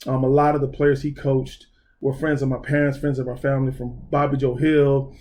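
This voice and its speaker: Man, interview guest, casual chat, mid-pitched voice, earnest, reflective, lots of fillers. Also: level tone, brisk, warm tone. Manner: earnest and reflective, many fillers like um and you know. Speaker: podcast guest, basketball recruiter.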